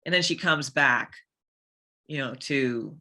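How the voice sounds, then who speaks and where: A woman voice actress speaks slowly as a podcast guest, her tone bright and forward. She hesitates often, stopping and restarting as she gathers her thoughts. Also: extremely low pitch. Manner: hesitant, many fillers and restarts. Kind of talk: casual interview chat.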